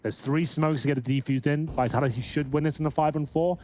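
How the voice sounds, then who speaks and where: A male esports analyst with a slightly high voice, breaking down plays in a chatty way full of "like" and "uh". Gunfire and game clicks run clearly behind him. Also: fairly even intonation, fast, a little mellow, a little hiss or hum. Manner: chatty, filler-heavy analysis. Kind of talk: color commentary.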